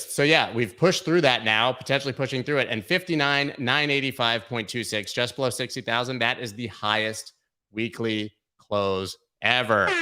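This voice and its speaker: A man hosting a crypto market show, giving brash, joking, excitable live commentary on price charts. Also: on the low side.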